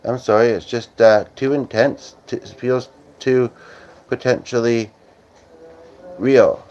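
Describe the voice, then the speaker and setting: Guy rambling through a home livestream, mid pitch, lots of filler words, kinda muffled audio. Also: steady tone, a little slow, darkish tone. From Canada. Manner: rambling, many fillers, reads viewer comments aloud. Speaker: livestream host. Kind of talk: casual live-stream chat. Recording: slightly dull lo-fi audio.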